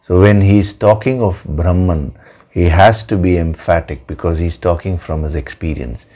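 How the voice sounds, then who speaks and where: A man giving a spiritual discourse as a teacher, in a measured, emphatic way, repeating words for stress. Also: sits low, dark tone. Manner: slow, measured, emphatic with repetitions.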